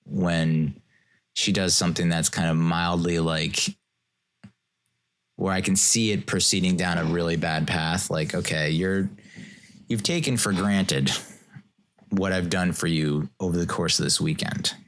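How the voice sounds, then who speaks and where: Man, podcast host, very deep voice, casual rambling monologue, joking, frequent chuckles. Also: fairly even intonation, measured pace, long pauses, fairly bright tone.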